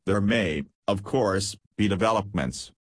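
A man's voice: lowish voice, unhurried, breathy edge, no echo. A man reading the part of a scheming aristocratic lady who talks lightly and insinuatingly. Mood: silky. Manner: light, falsely sweet and insinuating.

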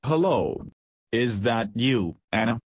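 A man reading the part of a big, genial older husband with hearty, booming greetings. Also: animated, a little slow, no room sound.

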